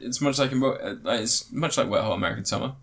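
A man's voice: medium pitch, brisk, gravelly. A man hosting a podcast, tired and yawning, rambling through a film review with lots of fillers, restarts and swearing. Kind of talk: casual chat.

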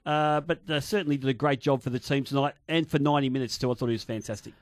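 A man's voice: medium pitch, fast, dry recording. A man giving eager, full-of-praise football analysis on studio radio. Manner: enthusiastic, full of praise, many restarts. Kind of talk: casual match analysis on radio. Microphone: studio microphone.

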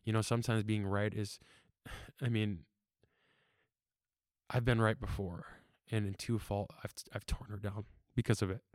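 A young man with a lowish voice talks through his faith story in an earnest, halting way. He is full of fillers and restarts. The sound is dry and close. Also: flat delivery, no room sound. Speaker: church member sharing testimony. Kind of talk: casual testimony talk.

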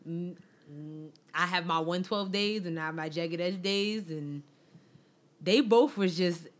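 A woman co-hosting a casual music chat, relaxed and trailing off softly. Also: fairly low pitch, unhurried. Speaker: podcast co-host.

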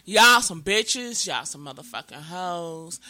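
A woman's voice: fairly low pitch, lively intonation, takes it slowly, very noisy. A woman co-hosting a casual podcast, crude and playful, laughing often. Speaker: podcast co-host. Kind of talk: casual profane podcast rant.

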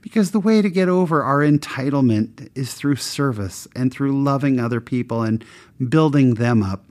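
Recounting a personal anecdote with a moral about faith, this man talks openly and pokes fun at himself in a conversational way. His voice is average in pitch and darkish at normal speed, swinging widely in pitch as he acts out the people involved.

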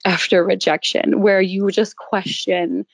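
A woman's voice: medium pitch, steady tone, unhurried, dry recording. Woman, thirties, interview guest; emotional, candid telling, dry recording. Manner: emotional, tearful storytelling with laughs.

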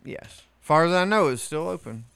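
A teasing, wisecracking man co-hosting a podcast. His voice is bright and tense, and his pitch stays lively. The recording is dry and close. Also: moderate pace, gravelly, clear, resonant tone, no echo. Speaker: podcast co-host. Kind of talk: casual chat.

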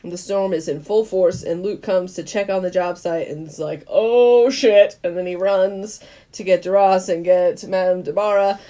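Laughing woman recapping a movie plot. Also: on the low side. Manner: animated storytelling, quick to laugh, acts out quoted lines. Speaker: podcast co-host.

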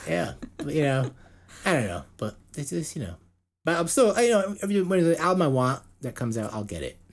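A man's voice: fairly high pitch, sing-song, a little fast. A man co-hosting a podcast in casual chat, rambling with lots of fillers and restarts. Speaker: podcast co-host.

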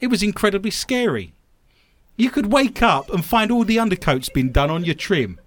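A man's voice: high-pitched, big pitch swings, moderate pace, a bit bright. A man hosting a comic radio show, reading odd news stories with sarcastic asides. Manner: joking, sarcastic asides, laughs often.

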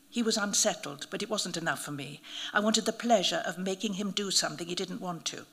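A woman reading a first-person story aloud, in measured, vivid audiobook narration. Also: on the low side, creaky, fairly bright tone.

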